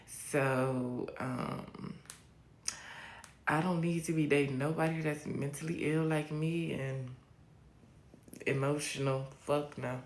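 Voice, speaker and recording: A young adult woman hosting a casual live stream, answering viewer comments in a blunt, profane, sassy way with drawn-out repeats. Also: low voice, fairly even intonation. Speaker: livestream host. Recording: roomy echo.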